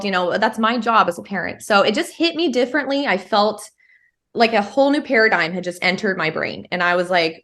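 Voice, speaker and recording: A fairly bright, medium-pitched woman speaks in an animated way, a little fast. She's a homeschooling mother of three from California in her thirties, an interview guest telling her story in casual, chatty conversation full of fillers like "um" and "like."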